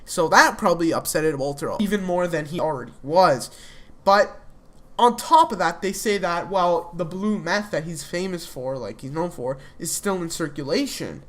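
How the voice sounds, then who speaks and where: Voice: medium pitch, normal speed, fairly bright tone. A young adult speaker recapping a TV episode in a casual, rambling way, full of fillers and restarts. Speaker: TV episode reviewer.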